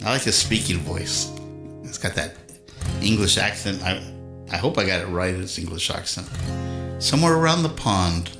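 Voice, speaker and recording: A man's voice: low-pitched, lively intonation, normal speed, gravelly, pauses often. A man hosting a live music stream, chatting casually with viewers between songs in an easygoing, rambling way. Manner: rambling, easygoing, self-interrupting. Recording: roomy, with acoustic guitar behind. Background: acoustic guitar.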